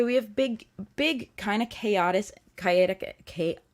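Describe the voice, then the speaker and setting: On a casual livestream, a young woman with a lowish voice hosts a tarot reading. She's chatty and playful, rambling along with fillers and restarts.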